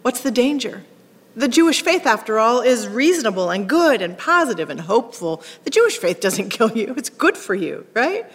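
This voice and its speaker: Animated woman pastor preaching in a reverberant hall. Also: a little high, moderate pace, slightly rough. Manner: animated, acts out quoted lines with sharp rises. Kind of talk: sermon.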